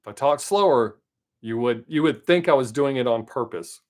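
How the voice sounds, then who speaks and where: A man with a Southern accent chats casually on his live stream from home. His talk rambles and wanders from one thing to the next, and he tries to keep it quick. His voice sits at an ordinary middle pitch. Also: animated.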